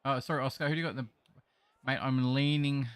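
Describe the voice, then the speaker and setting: A man's voice: medium pitch, fairly even intonation, racing, bright, forceful tone, dry recording. Chummy Australian man streaming, dry sound. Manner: chummy, greets viewers with mate and bro. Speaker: live streamer. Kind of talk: casual chat reading live chat while gaming.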